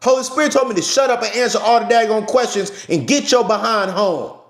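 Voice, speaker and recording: A man hosting a live stream, talking loudly and passionately to his viewers in a preachy, repetitive way. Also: high-pitched, fairly quick, echoey room. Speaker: channel host. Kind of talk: passionate livestream talk. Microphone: phone camera.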